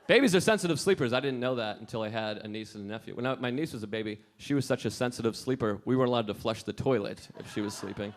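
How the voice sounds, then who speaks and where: A young man performing a stand-up set on a club stage, telling stories in a dry, deadpan way with acted-out quotes. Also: medium pitch, racing, hardly any pauses. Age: young adult. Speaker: stand-up comedian. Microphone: handheld stage mic. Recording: live club recording with crowd noise. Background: audience laughter.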